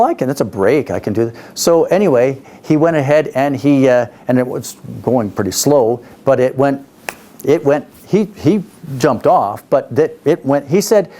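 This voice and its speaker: Telling a story in a casual way, this middle-aged business speaker from Canada has a medium-pitched, slightly mellow voice. He uses fillers and restarts as he goes.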